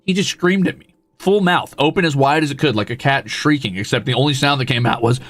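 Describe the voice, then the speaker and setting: A man's voice: medium pitch, brisk, fairly bright tone, soft background music. A male live streamer in casual chat, teasing and swearing freely as he coos at and scolds his cat.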